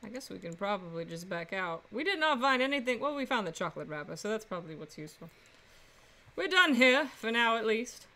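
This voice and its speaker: A woman's voice: on the high side, big pitch swings, a little fast, pushed and bright. A woman casually playing and reading through a game on a stream, musing aloud. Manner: musing, reads dialogue and narration aloud.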